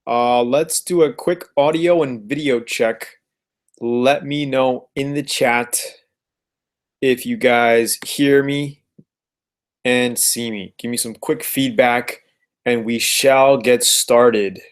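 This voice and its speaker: A man's voice: mid-range voice, fairly even intonation, slow pace. Upbeat man hosting a live stream. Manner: upbeat, repeats words, shouts out viewers. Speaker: host of a live car-flipping webinar. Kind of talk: casual live-stream chat.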